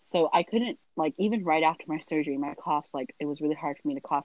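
A woman's voice: low-pitched, fast talker, a little mellow, dry recording, dull audio. A young woman chatting casually as a guest, rambling through stories with lots of filler words. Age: young adult. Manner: rambling storyteller. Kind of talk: casual chat.

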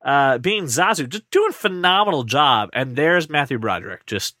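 A man hosting a casual podcast chat, talking in an animated, opinionated and jokey way. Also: medium pitch, moderate pace, few pauses, no echo, clean studio sound. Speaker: podcast host.

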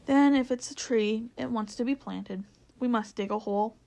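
A gentle, wise she-elephant from a storybook, mild and unhurried, with a slightly high, soft voice, as a woman reads her part. She speaks thoughtfully and with quiet pride. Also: gravelly.

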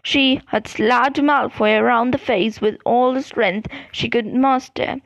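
A woman podcast host reading a novel aloud chapter by chapter, in a plain, steady way with small slips. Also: a little high, a little slow, no echo, poor audio. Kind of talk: audiobook read-aloud narration.

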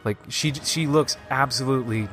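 A man at an ordinary middle pitch, chatting excitedly through a game's story. He rambles and leans on "like" as he goes, with faint music under him. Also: moderate pace. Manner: excited, rambling, heavy use of "like". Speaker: gaming video host. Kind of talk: casual game story recap.

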